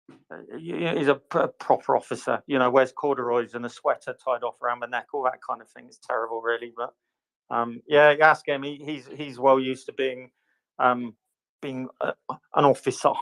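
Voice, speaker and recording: A man's voice: medium pitch, creaky, a bit bright, no room sound, poor audio. A man with a mixed West Country and Portsmouth English accent, an ex-navy guest chatting casually, self-mocking and stumbling over repeated words. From England. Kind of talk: casual chat in a live audio room.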